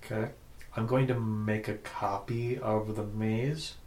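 A man's voice: lowish voice, fairly even intonation, a little slow, a little mellow, echoey room. A man playing in a tabletop game, talking in a casual, thoughtful way. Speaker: player.

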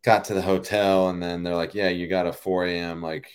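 A man in his thirties with a notably deep, low voice, recounting a memory in casual interview chat. He talks loosely, with plenty of "like" and "you know" as he goes. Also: a little fast, smooth. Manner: relaxed, rambling, many fillers like "you know" and "like". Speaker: professional baseball player, guest.

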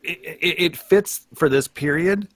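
A man's voice: high-pitched, measured pace, fairly bright tone, no echo. A man in casual chat, talking in rambling runs with many fillers and restarts. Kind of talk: casual chat about an anime.

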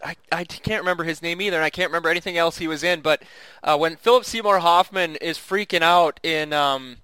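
Chuckling man, bright clear voice. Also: fairly high pitch, brisk, dry recording. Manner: chuckles often, rambling with restarts. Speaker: podcast co-host. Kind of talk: casual chat.

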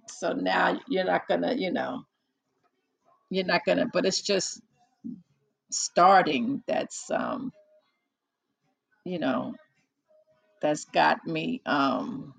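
A woman hosts a podcast and chats casually with a caller, unhurried and a little gravelly. She is self-deprecating, laughs often and sounds nervous. The sound is close and dry. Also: lowish voice, no echo, poor audio. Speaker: podcast host.

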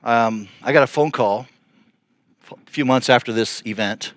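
A middle-aged male pastor telling a story in a sermon, earnest and animated, with frequent restarts. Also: mid-range voice, a little slow, no room sound, clean studio sound.

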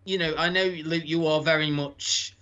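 Bright-voiced man hosting a podcast. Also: on the high side, steady tone, moderate pace, lo-fi sound. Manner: chatty, rambling, with self-corrections. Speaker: podcast host. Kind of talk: casual review chat.

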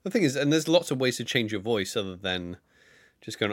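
A man's voice: lowish voice, lively intonation, moderate pace, no echo, studio quality. A man co-hosting a podcast, giving earnest advice in a casual chat and often restarting his sentences. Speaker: podcast co-host.

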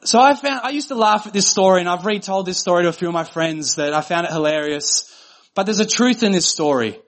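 A man's voice: high voice, a bit bright. A man preaching a sermon as pastor, earnest and conversational, building points through repeated phrases.

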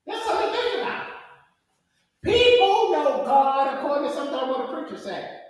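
A man preaching an evening church sermon, animated and repetitive, telling personal stories. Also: very high-pitched, moderate pace, long pauses. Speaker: pastor. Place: church sanctuary. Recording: echoey hall, distant mic.

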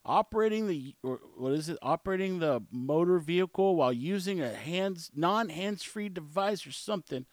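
Man, forties, raised pitch, blunt rambling storyteller, dry recording. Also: expressive, moderate pace, few pauses, no room sound. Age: 40s. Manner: blunt, opinionated, rambling with restarts. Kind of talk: casual storytelling monologue.

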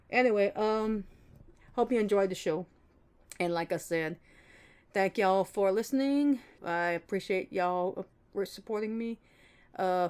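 A young woman hosts her own podcast, talking in a relaxed, mellow tone. She rambles from one thought to the next in an unscripted, chatty way. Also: medium pitch. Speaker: podcast host. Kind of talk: casual solo podcast monologue.

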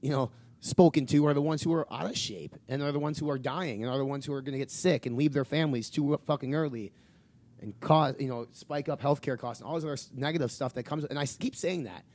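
A man's voice: medium pitch, darkish tone. A man co-hosting a casual podcast, talking bluntly and swearing while giving strong opinions. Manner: blunt, profane, fast opinionated talk. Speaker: podcast co-host.

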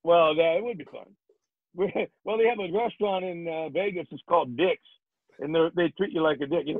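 A man's voice: sits high, brisk, dry recording. An older man, a guest actor, telling jokey stories in a casual interview. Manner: jokey, animated storyteller. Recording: dry tinny phone-like sound.

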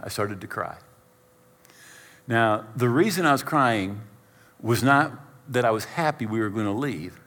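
This middle-aged pastor's mid-range voice trails off with a long reverb tail. Poking fun at himself in a sermon, he tells a funny personal story with lots of animation, acting out each scene.

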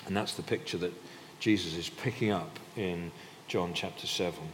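A man's voice: low voice, moderate pace. A man preaching a sermon in a conversational way, often restarting his sentences. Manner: conversational, with frequent restarts and filler. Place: church hall. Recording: reverberant hall, faint background noise.

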